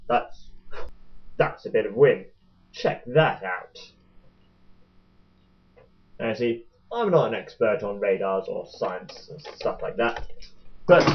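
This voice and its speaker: A man's voice: medium pitch, expressive, slow pace, long pauses, slight background noise. Young man, chatty and jokey, rambling unboxing vlog, muffled webcam audio. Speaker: vlogger unboxing a toy boat. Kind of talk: casual unboxing commentary. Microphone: webcam mic.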